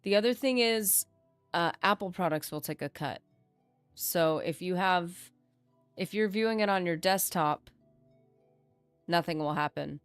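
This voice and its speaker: In a dry recording with soft music underneath, a woman with a fairly low, clean-toned voice speaks unhurriedly and pauses often. She chats casually on her gaming livestream, rambling, self-deprecating, and prone to trailing off and restarting.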